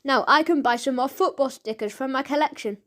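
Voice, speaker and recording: A woman voicing a childish, excitable male henchman in a storybook reading. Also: high-pitched, fairly quick. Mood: excited.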